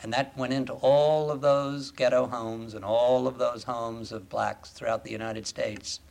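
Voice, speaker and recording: A man lecturing an audience in a deliberate, emphatic way, often asking rhetorical questions. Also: mid-range voice, fairly even intonation, vocal fry, darkish tone. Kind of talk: formal lecture.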